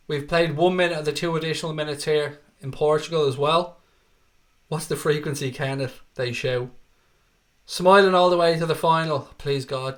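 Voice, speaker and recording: An Irish man with a Dublin accent runs a live football watchalong. His voice sits a little higher than most men's. He chats loosely, swears often and reads viewer messages between quick updates on the game. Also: a bit bright. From Ireland. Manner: chatty, swears freely, reads viewer comments aloud. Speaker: livestream host. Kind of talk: live match watchalong commentary and chat.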